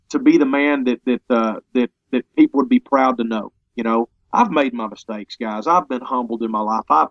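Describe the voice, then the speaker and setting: A man talking as an interview guest in a casual conversation. He sounds earnest and halting, often restarting his sentences. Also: mid-range voice, dry recording, lo-fi sound. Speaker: interview guest, parody songwriter.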